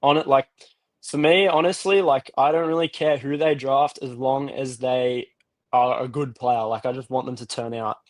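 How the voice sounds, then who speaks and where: A young Australian man calling in to a fan show, chatting in a relaxed, rambling way. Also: medium pitch, normal speed, no echo. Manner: relaxed, rambling, lots of fillers and restarts. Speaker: caller. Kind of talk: casual call-in chat.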